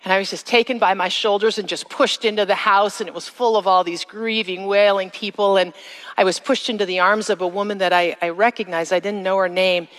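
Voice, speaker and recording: A woman of middle pitch giving a personal testimony as a sermon. She slows down to stress key words and climbs high when she re-enacts moments. Her voice rings with the long reverb of a large hall. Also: steady tone, fairly bright tone. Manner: slow, emphatic phrasing, rising to a high cry in re-enacted moments.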